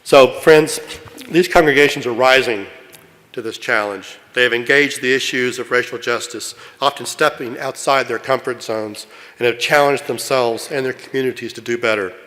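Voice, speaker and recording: A man's voice: mid-range voice, moderate pace, bright, forceful tone. A man from Kentucky presiding at a meeting, reading a long list steadily and speaking off-script with many fillers. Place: large meeting hall. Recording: long hall reverb.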